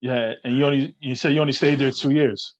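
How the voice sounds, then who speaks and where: A man hosts a casual interview with a medium-pitched voice, mostly chiming in with short questions and reactions. The recording sounds muffled and lo-fi. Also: steady tone, a little fast. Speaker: podcast host. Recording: muffled lo-fi audio.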